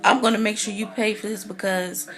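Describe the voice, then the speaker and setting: A woman's voice: mid-range voice, fairly even intonation, fairly quick, faint music behind, lightly acted. A woman voicing an indignant, scheming fixer woman, close to her own voice.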